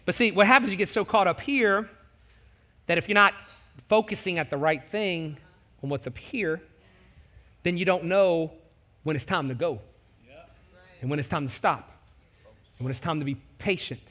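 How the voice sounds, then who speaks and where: Animated, bright-voiced preacher man. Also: high-pitched, moderate pace, long pauses. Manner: animated, jokey, acts out voices. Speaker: pastor. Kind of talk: sermon.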